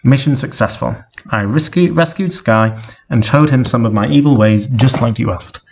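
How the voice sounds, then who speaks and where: A man's voice: mid-range voice, normal speed, slightly rough. A man voicing a female magical pony heroine, sure of herself and matter-of-fact, in a read-aloud fan story.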